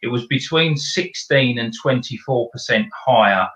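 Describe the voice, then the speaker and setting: A man's voice: mid-range voice, moderate pace, a bit bright, roomy sound, poor audio. A man with a South London accent, a podcast guest giving practical explanations in casual chat. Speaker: guest, video company director.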